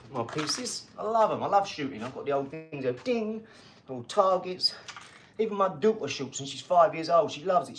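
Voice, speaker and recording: Energetic rambling man, fairly high voice. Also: a little hiss or hum. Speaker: livestream host. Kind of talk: casual live-stream chat. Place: home garage.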